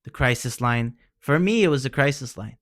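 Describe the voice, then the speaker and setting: A man in a mid-pitched voice talks straight to the listener in an easygoing, earnest way, full of slang and encouragement. His voice is recorded dry and close, with no room sound around it. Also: lively intonation, moderate pace, a bit bright, no echo. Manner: informal, peppers speech with "man" and "bro". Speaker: vlogger sharing personal experience. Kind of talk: casual heartfelt advice talk.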